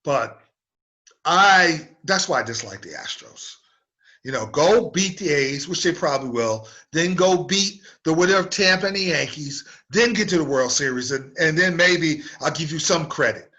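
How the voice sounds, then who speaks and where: Fired-up bright-voiced sports talk man. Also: on the high side, expressive, normal speed. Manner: fired-up, ranting, mocking impressions. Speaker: sports radio host. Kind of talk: opinionated sports talk monologue.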